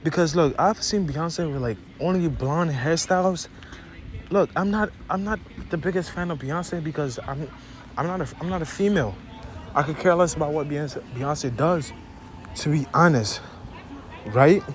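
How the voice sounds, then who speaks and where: A man's voice: fairly high pitch, moderate pace. A young man from Africa, with an accent mixing African and American, giving an opinionated, rambling monologue straight to his viewers. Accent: African mixed with American. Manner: rambling, repeats and restarts phrases, addresses viewers directly. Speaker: vlogger. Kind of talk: opinionated casual monologue to camera.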